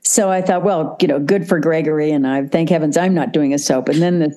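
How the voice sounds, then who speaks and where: Older lady actress chatting away, low mellow voice, laughs a lot. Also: brisk. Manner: animated, chatty, laughs easily. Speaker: actress and guest. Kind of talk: casual interview storytelling.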